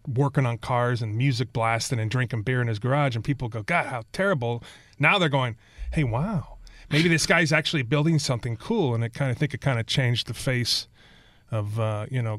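A man telling stories as a guest in a casual interview, rambling and animated, acting out what people said. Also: medium pitch, no echo. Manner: rambling, animated storyteller who acts out quotes.

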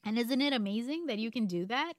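A woman's voice: a little high, animated, fast talker, no room sound. Casting: woman in her forties from India, true crime podcast co-host, chatty and wry, dry close sound. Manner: conversational, wry asides. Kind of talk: casual true crime storytelling.

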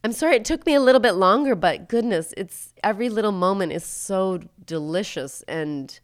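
A woman's voice: mid-range voice, normal speed, no echo. A woman casually retelling a film plot in close detail, jumping into the characters' lines as she goes. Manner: animated storyteller, acts out quotes.

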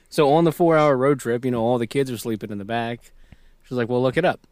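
A man's voice: medium pitch, normal speed, darkish tone, no echo. Chill guy in his 30s cohosting a podcast, laughs a lot, dry close sound. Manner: laid-back, chuckles often. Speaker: podcast co-host. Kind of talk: casual chat.

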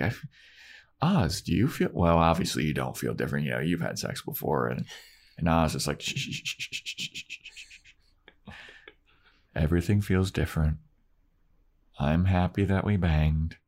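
A man co-hosting a TV recap podcast, chatting casually and acting out scenes in quick put-on voices, swearing freely. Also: very deep voice, sing-song, gravelly, a little mellow, husky. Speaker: podcast co-host.

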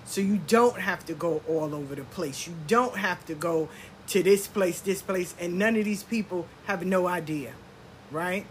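A woman's voice: lowish voice, normal speed, a little hiss or hum. Exasperated woman ranting through a story. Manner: animated, exasperated, acts out the clerks she quotes. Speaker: vlogger telling a personal story. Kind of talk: casual storytime rant.

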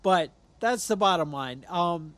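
A man from New York, co-hosting a podcast, telling stories in a lively way and acting out what people said. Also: sits high, measured pace, dry recording. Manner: animated storyteller, acts out quotes. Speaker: podcast co-host. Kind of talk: casual chat.

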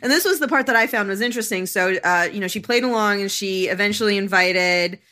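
Bright-voiced rambling woman podcaster. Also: mid-range voice, fast. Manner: rambling, many fillers and restarts. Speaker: podcast co-host. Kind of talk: casual chat.

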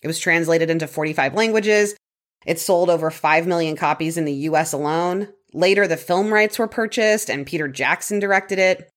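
A woman's voice: lowish voice, normal speed. A woman co-hosting a podcast, casually telling a true crime story from her notes with fillers and light laughter. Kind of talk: casual chat reading prepared notes.

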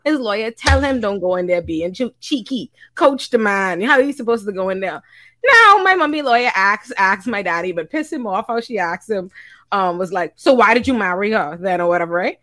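A Bahamian woman, a lawyer, telling a story in casual chat, animated and profane, with frequent laughter. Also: medium pitch, moderate pace, no room sound. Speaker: lawyer and panelist.

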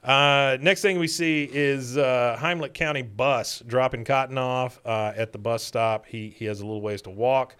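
A man hosts a casual podcast recap and retells the plot in a loose, rambling way. His voice has a bright, forward edge. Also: medium pitch, steady tone, moderate pace, hardly any pauses, clean tone. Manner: rambling, filler-heavy retelling. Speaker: podcast co-host.

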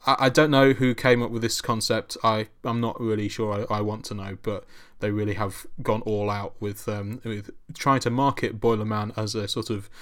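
A man's voice: on the low side, little pitch movement, normal speed. A man, a guest author on a podcast, telling a story in a hesitant, dry way with many restarts. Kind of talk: casual podcast chat.

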